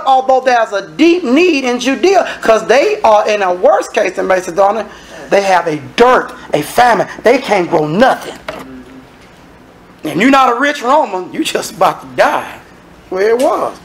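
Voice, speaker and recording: A man preaching a sermon as minister, acting out dialogue and sometimes shouting. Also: high voice, big pitch swings, a little slow, slight background noise.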